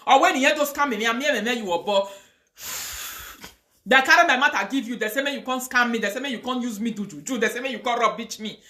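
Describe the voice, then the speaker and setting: A woman's voice: a little high, brisk, sharp tone. A woman with a Nigerian accent ranting on a live video, mixing pidgin, chanting curses and prayers with fire. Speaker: online video host.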